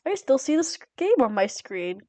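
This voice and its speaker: A woman's voice: sits high, very animated, moderate pace, dark tone. A young woman streaming from home, chatting casually with her viewers and giggling constantly.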